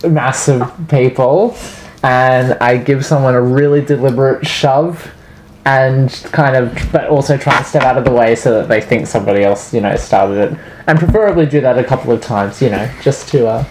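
Very low-voiced woman player. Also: normal speed, a little mellow. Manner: thinking aloud, laying out plans. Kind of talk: casual game chat. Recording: noisy room.

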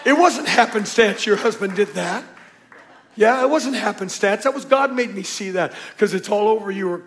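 High-voiced storytelling preacher. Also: male voice, animated, moderate pace. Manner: storytelling preacher, acts out voices, swings from hushed to shouting. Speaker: pastor. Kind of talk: sermon.

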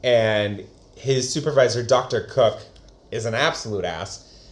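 A man's voice: mid-range voice, measured pace. A man co-hosting a casual book discussion, animatedly retelling the story and slipping into voices. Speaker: podcast co-host. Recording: roomy echo.

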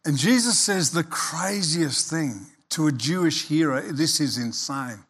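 A man preaching a sermon as pastor, animated and emphatic, acting out quoted voices. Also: on the high side, a little slow, slightly rough.

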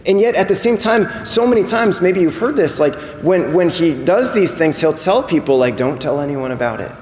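A man delivers a sermon in a church, chatting more than orating, with frequent restarts and repeated words. His voice sits slightly high and rings in an echoey, reverberant hall with faint ambient noise. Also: lively intonation, normal speed, a little mellow. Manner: conversational, repeats words, acts out voices in quotes. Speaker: preacher.

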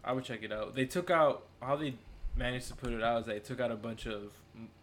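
A relaxed young man co-hosting a podcast in a mid-pitched, easygoing voice. His talk is slangy and loose, and he laughs easily. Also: brisk, a little hiss or hum. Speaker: podcast co-host. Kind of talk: casual podcast chat.

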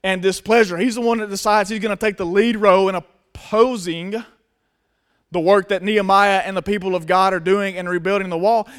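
A male pastor preaching a sermon earnestly, dropping to hushed tones and rising to loud emphasis. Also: high-pitched, clean tone.

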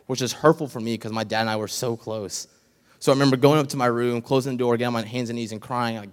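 A man's voice: medium pitch, steady tone. Earnest young man testifying in a church. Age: young adult. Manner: earnest and emotional, pausing with ums. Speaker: summer church intern giving a testimony. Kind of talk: personal testimony to a congregation. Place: church sanctuary. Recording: long hall reverb in a church.

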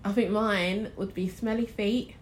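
A woman's voice: medium pitch, steady tone, a little slow, a little hiss or hum. A woman, a guest on a podcast, giving short replies and laughing often. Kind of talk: casual chat.

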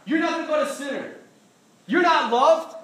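A man's voice: very high-pitched, normal speed, fairly bright tone, pitched above the performer's own voice. A man voicing a sneering male devil who mocks and accuses a sinner. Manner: mocking, accusing. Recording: echoey hall from far off.

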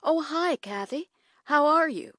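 An actress playing a friendly wife and teacher who answers the phone in a scripted language-lesson dialogue. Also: female voice, high voice, lively intonation, unhurried, sharp tone, dry recording, studio quality, full character voice. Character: young wife and evening teacher.

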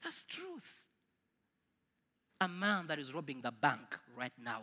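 A man preaching a sermon to a congregation, swinging from loud declarations to quiet asides. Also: a little high, huge pitch swings, slow pace, pauses often, long reverb tail. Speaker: pastor.

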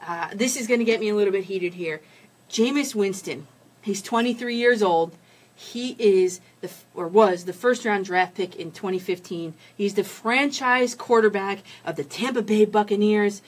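Husky-voiced woman sports show host. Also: medium pitch, normal speed. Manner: opinionated, heated commentary with restarts. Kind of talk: sports news and opinion podcast.

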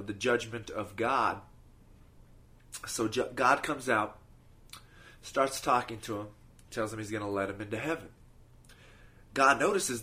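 A man telling short parables in a relaxed, casual podcast manner, often restarting his sentences. His voice sits at an ordinary middle pitch. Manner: easygoing, with restarts. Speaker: podcast host. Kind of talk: casual storytelling.

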